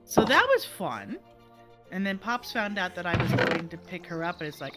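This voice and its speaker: Middle-aged woman, streamer, casual storyteller; expressive lilting delivery, music audible behind. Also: lowish voice, moderate pace. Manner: animated, acts out quoted voices, laughs often.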